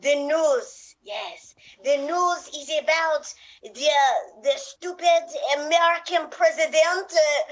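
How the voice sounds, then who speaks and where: A woman's voice: sits high, low-quality recording. A woman playing a news anchor who fakes a French accent, hammy and suggestive, in an improv comedy scene. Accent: fake French.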